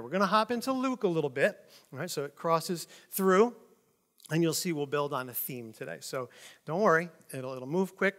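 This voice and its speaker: A man teaching from the Bible in a relaxed, conversational way. He reads passages aloud and then explains them informally. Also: fairly high pitch. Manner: conversational, with frequent "like" and "kinda". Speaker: preacher.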